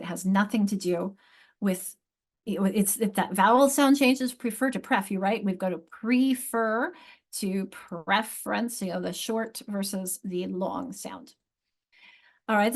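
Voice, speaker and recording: A woman giving a training lecture on spelling and word structure to teachers. She explains in a conversational way, stretches out example words to show how they sound, and checks in with "isn't it?". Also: medium pitch. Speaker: literacy instructor.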